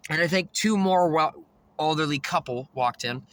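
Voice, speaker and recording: A man's voice: fairly high pitch, moderate pace, fairly bright tone. A man ranting in a rambling monologue, swearing constantly and laughing often. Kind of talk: rambling profane rant.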